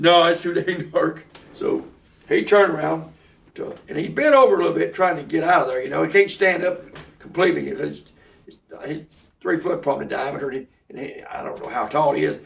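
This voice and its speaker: A high-pitched, gravelly man, telling a folksy tale in a rambling way, full of restarts and asides. He is recorded from a distance from the mic. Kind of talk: folksy oral storytelling.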